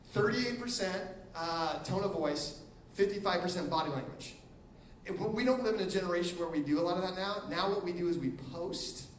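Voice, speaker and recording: A man's voice: high-pitched, reverberant, recorded from a distance, a little hiss or hum, rough recording. A middle-aged man preaching as a guest pastor in a casual, joking sermon style, acting out little quotes as he goes. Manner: animated, joking, acts out quotes. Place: church auditorium.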